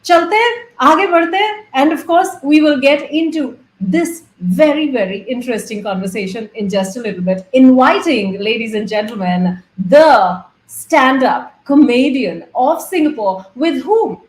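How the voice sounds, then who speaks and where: A woman's voice: a little high, lively intonation, a little slow, few pauses, darkish tone, reverberant, rough recording. A woman hosting a talk show interview, chatty, effusive and playful as she introduces and questions her guest. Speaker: host.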